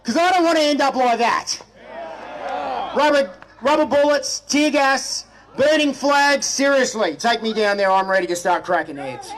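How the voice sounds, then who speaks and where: A man's voice: very high-pitched, expressive, moderate pace, fairly bright tone, slight background noise, rough recording. A man with an Australian accent emceeing an outdoor rally, hyped and punchy, calling out questions to the crowd. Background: faint crowd and ambience.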